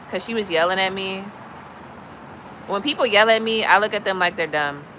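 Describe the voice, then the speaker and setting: A woman from Chicago chatting to her live stream, telling blunt, animated stories in a casual, gossipy way. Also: medium pitch, slight background noise, low-quality recording. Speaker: livestream host. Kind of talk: casual storytelling to live chat.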